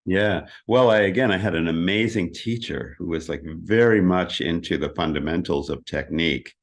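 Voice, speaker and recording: A middle-aged man in a casual interview, explaining practice in a lively way and often singing rhythms as "da da da". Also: low-pitched, normal speed. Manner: animated, sings rhythms as "da da". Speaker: interview guest, keyboardist.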